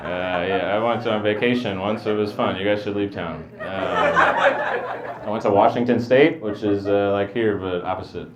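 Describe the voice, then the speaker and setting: A young man doing a stand-up set on a club stage into a handheld mic, rambling with self-mocking asides and pauses for punchlines. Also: fairly low pitch, lo-fi sound, very noisy. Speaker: stand-up comedian. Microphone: handheld wired mic. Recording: live club audience laughter.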